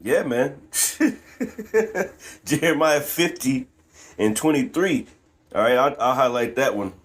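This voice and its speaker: A man's voice: mid-range voice, expressive, takes it slowly. A man reading scripture aloud and commenting on it with rising fervor, laughing often and ending lines with "man". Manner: preachy, laughs often, repeats "man" at line ends.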